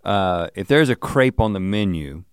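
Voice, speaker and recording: A middle-aged man co-hosts a relaxed comedy talk, cutting in with deadpan, wry comments. His lowish voice still moves around a lot in pitch, recorded dry and close. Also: normal speed, clean tone, no echo. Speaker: podcast co-host. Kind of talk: casual comedic chat.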